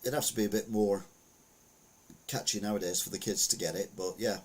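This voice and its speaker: Husky man rambling through the news. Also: lowish voice, fairly even intonation, a little fast, a little mellow. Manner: rambling, frequent fillers and restarts. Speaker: podcast host. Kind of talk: casual opinion commentary.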